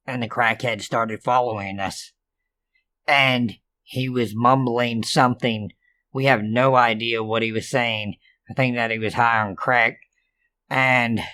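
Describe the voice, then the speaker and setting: A man's voice: mid-range voice, bright, forceful tone. A man reading true scary stories aloud in a casual, profane, sarcastic way. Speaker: storyteller.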